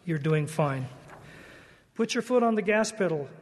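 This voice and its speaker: A man reading the part of a sick old grandfather who speaks slowly, softly and weakly. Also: high voice, animated, long reverb tail. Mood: weak, gentle. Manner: slow, weak and soft. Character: weak, sick old grandfather, gentle and calm.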